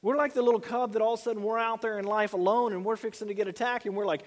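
A man's voice: high voice, fairly even intonation, racing, big-room sound. A middle-aged man preaching a sermon in a loose, conversational way, often repeating words and using fillers. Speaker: pastor.

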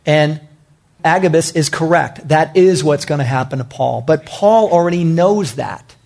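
A man's voice: a little high, unhurried, vocal fry, a little mellow. A man preaching a sermon, emphatic and repetitive, talking directly to his congregation. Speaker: pastor.

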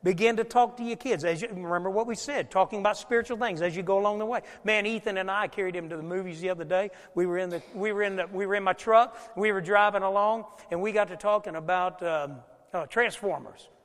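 An older man, a pastor preaching a folksy, animated sermon with loud bursts in a church. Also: high-pitched, quick pace, few pauses, big-room sound. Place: church sanctuary.

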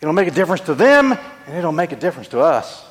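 A man's voice: on the high side, big pitch swings, quick pace, big-room sound. A man preaching a sermon, telling a story earnestly and asking rhetorical questions. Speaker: pastor.

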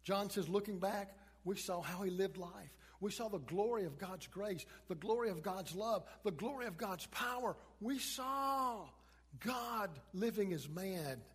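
High-voiced preacher with a husky tone. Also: male voice, normal speed, hardly any pauses. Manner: dramatic, swings from loud emphasis to hushed. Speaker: pastor. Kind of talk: sermon. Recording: long reverb of a large hall.

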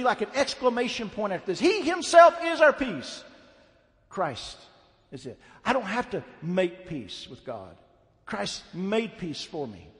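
Pastor, male, high-pitched, blunt emphatic sermon delivery, recorded with long hall reverb. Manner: blunt, emphatic preaching with rising fervor. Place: church sanctuary.

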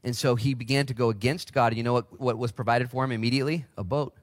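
A man in his forties preaches a sermon as pastor, keeping his voice at a middle pitch. His delivery is animated, and he jumps into high, lively voices to act out the people he quotes. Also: fast talker.

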